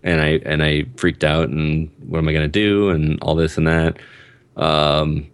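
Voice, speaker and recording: A man's voice: a bass voice, flat delivery, a little slow, smooth, no echo. A man in his thirties telling a long personal story in casual conversation, rambling and restarting his sentences with lots of ums. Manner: rambling, self-interrupting storyteller with frequent ums.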